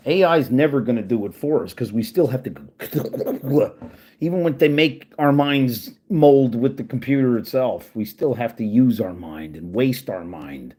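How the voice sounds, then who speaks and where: Husky, animated man ranting. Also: medium pitch, measured pace. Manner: profane, angry, sarcastic; talks while working at a computer. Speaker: channel host. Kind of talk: casual rant to camera.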